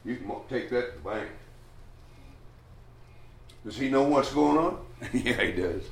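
Gravelly and mid-range, this man's voice is animated yet unhurried as he preaches a sermon in a church hall. His Bible teaching is folksy and meandering, full of restarts and chuckles, and it rings with room echo from some distance off the mic.

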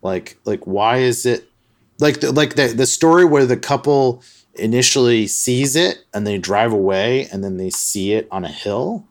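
A man's voice: mid-range voice, animated, normal speed. A man hosting a podcast who retells a story in a loose, chatty way, full of "like" and other fillers. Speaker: podcast host. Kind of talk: casual storytelling chat.

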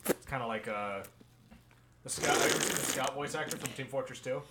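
A young man chatting on a podcast, excitable and rambling with lots of fillers. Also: medium pitch, fast talker. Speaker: podcast co-host. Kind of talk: casual chat. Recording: roomy echo with faint hiss.

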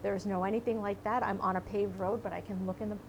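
A woman with a gravelly, creaky voice chats on a podcast, keeping up a run of supportive yeahs and rights. Her pitch sits in the middle range. A faint hiss sits behind her. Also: fairly even intonation, fast. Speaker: podcast co-host. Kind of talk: casual chat.

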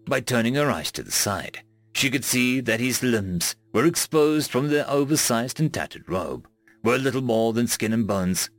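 Expressive male storyteller, faint music behind. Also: mid-range voice, moderate pace, dry recording. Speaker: narrator. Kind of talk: storybook narration.

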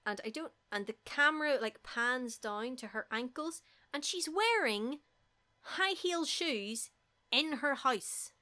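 A woman, casually retelling a film as a giggly, animated storyteller. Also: high-pitched, slow. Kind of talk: casual chat recapping a film.

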